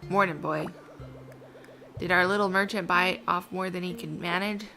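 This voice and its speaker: A woman voicing a stern old male shopkeeper mentor with a gruff, scolding manner, game music behind. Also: lowish voice, steady tone, normal speed, pushed and bright.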